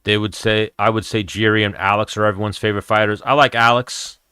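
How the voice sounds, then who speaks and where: A man's voice: fairly low pitch, level tone, quick pace, sharp tone, clean tone, dry recording. A man, hosting a casual MMA chat stream in a blunt, profane, rambling way. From New York, USA. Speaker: MMA show host answering chat.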